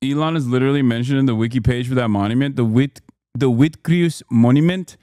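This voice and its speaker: A man commentating on news clips during a live stream, swearing freely and reading passages aloud in a casual, animated way. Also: medium pitch, a little fast, no echo, studio quality. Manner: profane, animated, reading aloud from a wiki page.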